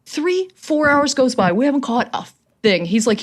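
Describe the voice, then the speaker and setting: A woman's voice: a little high, lively intonation, moderate pace. A woman co-hosting a podcast, telling a funny story in casual chat and repeating phrases for comic effect. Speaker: podcast co-host.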